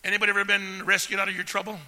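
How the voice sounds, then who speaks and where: Raspy high-voiced preacher in a reverberant church. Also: male voice, completely flat delivery, very fast. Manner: preaching with call-and-response, swings from soft to shouting. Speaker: pastor. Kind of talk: sermon. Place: church sanctuary. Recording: long hall reverb.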